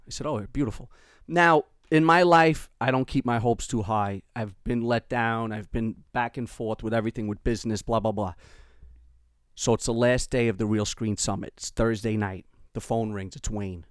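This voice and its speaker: A middle-aged man with a New York accent, a podcast host telling a family story in animated casual chat and acting out the quotes. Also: medium pitch, moderate pace, clear, resonant tone, no echo, studio quality.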